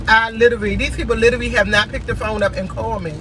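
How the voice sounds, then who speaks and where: Casual vlogger man, high bright voice, ranting and exasperated, in a car with faint road hum. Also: steady tone, racing, rough recording. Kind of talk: casual venting vlog. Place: inside a car.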